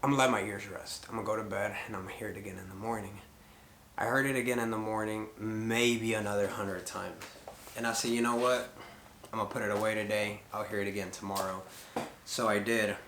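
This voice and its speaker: A man's voice: fairly low pitch, steady tone, a little fast, fairly bright tone, reverberant, slight background noise. A middle-aged man telling a rambling story to the camera, full of fillers as he retells conversations. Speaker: paranormal vlogger.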